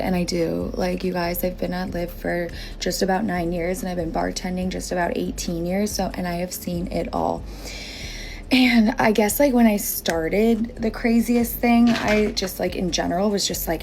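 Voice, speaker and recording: A woman's voice: medium pitch, fairly even intonation, normal speed, gravelly, a little mellow, a little hiss or hum. A woman in her thirties, a bartender, telling a story casually to camera, chatty and swearing, with lots of "like". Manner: chatty, full of likes, swearing.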